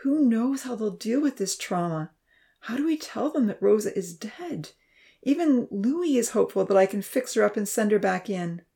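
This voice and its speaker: A woman's voice: mid-range voice, lively intonation, moderate pace, creaky, pitched above the performer's own voice. Woman voicing a grieving old professor. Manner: sorrowful, soft and hushed. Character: grieving old male professor, gentle and regretful.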